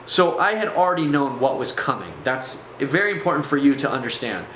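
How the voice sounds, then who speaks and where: A man of ordinary pitch tells his own story to viewers in a loose, conversational way, stopping often to check that they follow. His voice rings in a room with a lot of echo. A faint hiss sits underneath. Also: sing-song, fairly quick, fairly bright tone. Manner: conversational, speaks straight to viewers with frequent asides. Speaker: personal testimony vlogger. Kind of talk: casual spoken testimony to camera.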